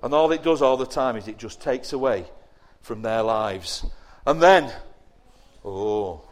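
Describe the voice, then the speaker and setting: A man giving a lively children's sermon, asking the young listeners questions and acting out whiny voices. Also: medium pitch, measured pace. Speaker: preacher giving a children's talk.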